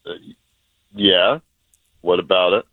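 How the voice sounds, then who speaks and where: A man's voice: deep voice, takes it slowly, dry recording. A man on a live phone call to a radio show, blunt and exasperated, stumbling over restarts. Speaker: caller's husband on phone. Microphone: telephone. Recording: dry narrow phone line.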